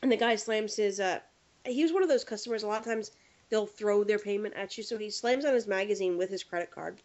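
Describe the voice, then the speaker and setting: Woman podcast host, animated storyteller, mid pitch, dull lo-fi audio. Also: quick pace. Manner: animated storyteller acting out quotes. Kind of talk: casual chat, anecdote telling.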